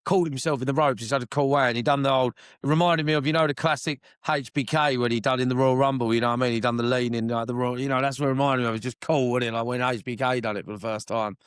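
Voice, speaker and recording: A man co-hosting a casual wrestling podcast, excitable and sweary, forever asking if you know what he means. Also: mid-range voice, quick pace, few pauses, smooth, no room sound, clean studio sound. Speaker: podcast co-host. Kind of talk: casual wrestling review chat.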